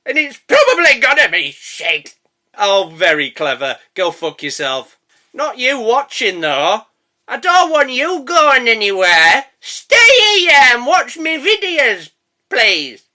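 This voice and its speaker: Male comedy reviewer, giggly and sweary, slow talker whose pitch swings wildly. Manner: giggly, swearing, sudden loud silly outbursts. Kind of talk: comedy outtakes.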